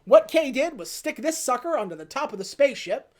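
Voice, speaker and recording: A woman hosting a podcast, casually retelling a film plot and quickly acting out the characters' lines. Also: sits high. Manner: animated retelling with quick put-on quotes. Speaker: podcast host. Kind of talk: casual movie recap chat.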